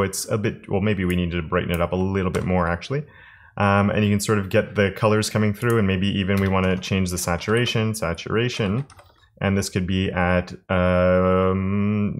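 A man teaching web development in a screen-recorded coding tutorial, thinking aloud in a relaxed way with fillers and restarts. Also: fairly low pitch.

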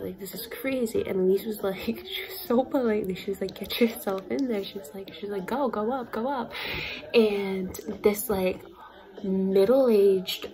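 A young adult woman telling a travel story to the camera in a casual, chatty vlog, with lots of fillers and small laughs. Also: medium pitch. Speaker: vlogger. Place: indoors, facetime-style talking to camera.

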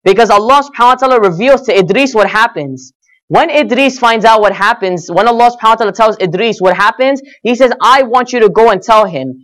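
A man's voice: high-pitched, lively intonation, fast talker, a bit bright. A man giving a religious talk, retelling a story with quoted dialogue, frequent "you know" fillers and recited Arabic verses. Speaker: speaker at an Islamic center.

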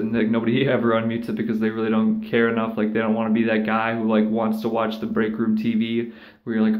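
A man's voice: fairly low pitch, completely flat delivery, fast talker, muffled recording. A man ranting casually and sarcastically, rambling with lots of swearing and mocking impressions of others. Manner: rambling, profane, sarcastic, with mocking put-on voices. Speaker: vlogger. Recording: echoey room.

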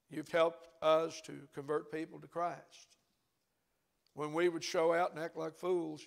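An older preacher delivers a sermon in church, spinning a folksy story. His voice is gravelly and sits a bit high for a man, and he talks in a conversational way.

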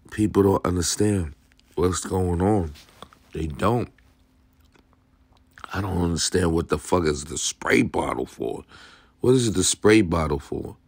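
A young man with a very deep, low voice delivers a blunt, profane rant in street slang. He talks slowly and deliberately. The sound is dry and close, with no room echo. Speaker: dog channel host. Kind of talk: casual commentary reacting to a video.

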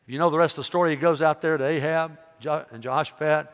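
A male pastor preaching a sermon, telling a story with animated voices and calling out questions to the congregation. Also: fairly high pitch, quick pace. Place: church. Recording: echoey church hall reverb.

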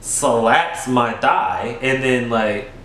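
A young man telling a storytime vlog story in a casual, animated way, swinging up high for emphasis and talking straight to his viewers. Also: extremely slow, a little hiss or hum. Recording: echoey room.

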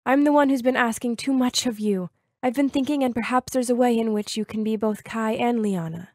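A woman's voice: a little high, a little fast, a little mellow, dry recording, clean studio sound, natural voice. A woman voicing a scheming, determined mother who talks in an insistent, persuasive way. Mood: coaxing.

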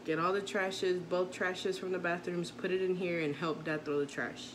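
A woman's voice: fairly low pitch, little pitch movement, normal speed. A woman in her thirties, a mother vlogging, talking in a rambling, heartfelt way with many restarts. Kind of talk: casual chat to camera. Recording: noisy background.

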